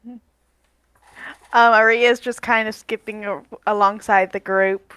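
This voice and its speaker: A woman player describing her character's actions in a tabletop game, halting with fillers. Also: mid-range voice, steady tone, a bit bright, clean tone, no room sound.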